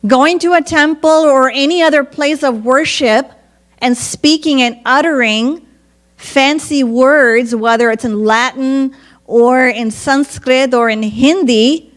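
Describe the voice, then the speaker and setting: A woman preacher telling a devotional story in an earnest, measured sermon. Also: sits high.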